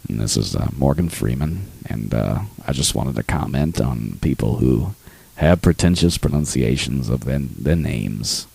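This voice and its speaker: A man puts on an older male film narrator who sounds calm and dignified. The voice sits extremely low and gravelly, with a dark, husky tone. It is recorded dry, close to the mic, in a radio studio. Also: no room sound, full character voice. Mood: solemn. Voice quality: very deep, gravelly, slow and measured. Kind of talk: comic impression on talk radio.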